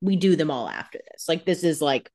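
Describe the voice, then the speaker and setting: A woman co-hosting a relaxed recap podcast who tosses in jokes and sarcastic remarks. She talks loosely and fills her sentences with "like." Her voice sits a little low. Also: a little fast. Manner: joking asides with many "like" fillers. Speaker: podcast co-host. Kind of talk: casual recap chat.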